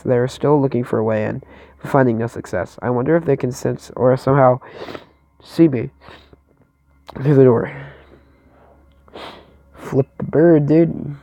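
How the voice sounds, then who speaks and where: A man's voice: mid-range voice, fairly even intonation, normal speed, gravelly, long pauses, mellow, dry recording, low-quality recording. A man narrating a story game aloud in first person, often stumbling and restarting words. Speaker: narrator and player.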